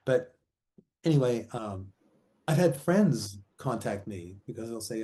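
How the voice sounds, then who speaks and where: A man's voice: mid-range voice, animated, unhurried, dark tone. A middle-aged man, an actor and author, telling stories in a rambling, casual way, acting out quotes and laughing often. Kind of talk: casual interview talk.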